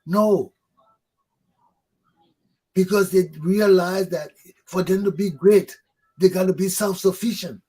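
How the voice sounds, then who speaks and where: A man's voice: high voice, takes it slowly, pauses often, dark tone, slightly rough, low-quality recording. A man, hosting a talk show, delivering a fervent political monologue that preaches, repeats points for emphasis and swears. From Liberia.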